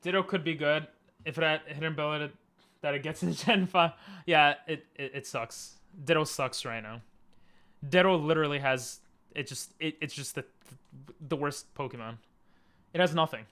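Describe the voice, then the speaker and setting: A man streaming a game live from his room, talking to himself in halting, frustrated bursts with frequent restarts and laughs. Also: on the high side, a bit bright. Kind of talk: live gameplay commentary.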